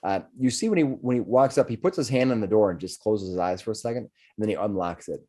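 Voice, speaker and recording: A man's voice: on the low side, fast, mellow. A man narrating a tabletop game as game master, rambling with frequent restarts. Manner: rambling, restarts, laughs often.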